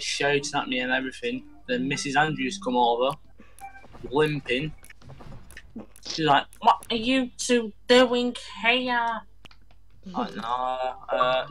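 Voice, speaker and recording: A man's voice: a little high, a bit bright. Rambling man telling stories while gaming. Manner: rambling storyteller acting out quoted voices. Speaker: gamer. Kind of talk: casual chat while gaming.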